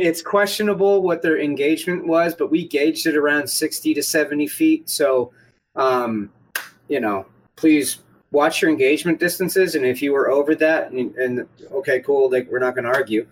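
A man's voice: on the high side, moderate pace, a little hiss or hum, low-quality recording. A man casually telling a rambling, profane story about getting shot at an airsoft game. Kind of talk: casual podcast chat.

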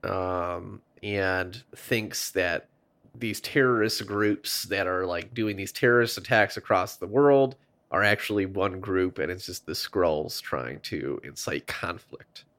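A man's voice: deep voice, slow, fairly bright tone. A man co-hosting a casual podcast, talking in a wry, sarcastic way. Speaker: podcast co-host. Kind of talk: casual chat.

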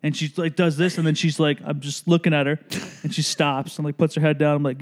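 Animated storytelling man, slightly high voice. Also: a little fast. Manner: animated storyteller, acts out drivers and friends. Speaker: podcast co-host. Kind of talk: casual chat.

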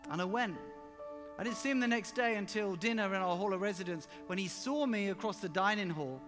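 A man preaching a sermon with personal stories, emphatic and animated, sometimes rising to loud exclamations. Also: high-pitched, brisk. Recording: reverberant hall with music underneath.

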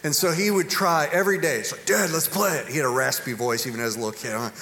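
Middle-aged pastor preaching in an echoey hall. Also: male voice, mid-range voice, rapid-fire. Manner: animated, humorous storytelling building to earnest preaching. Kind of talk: sermon. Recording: echoey hall with long reverb.

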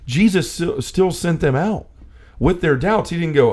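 A man co-hosting a casual faith talk, speaking with animated energy and often acting out quotes. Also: a little high, measured pace. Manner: animated, acts out quotes, many restarts. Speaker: co-host.

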